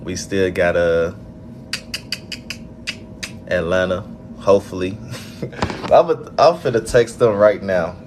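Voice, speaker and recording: A man's voice: low-pitched, slow pace, pauses often, background noise. Venting Southern man from Alabama. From Birmingham, Alabama. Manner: frustrated, venting, with many laughs. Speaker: event organizer. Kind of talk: casual vlog rant.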